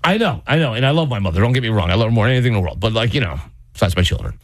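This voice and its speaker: A man in his thirties telling family stories in casual chat, mimicking others in high voices. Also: very animated, rapid-fire, dry recording, clean studio sound.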